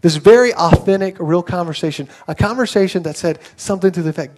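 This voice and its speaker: High-voiced lively man preaching. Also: fast talker. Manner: conversational, animated storytelling with acted quotes. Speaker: pastor. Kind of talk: sermon.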